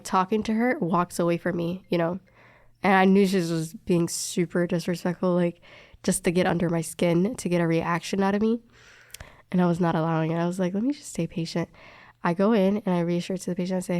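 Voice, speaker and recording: A young woman chats casually, recounting a work story in a slightly low voice. She acts out each quoted exchange, with plenty of fillers along the way. The recording is close and dry, with no room echo. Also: moderate pace. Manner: animated, acts out quoted dialogue, many fillers. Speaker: respiratory therapist telling a story.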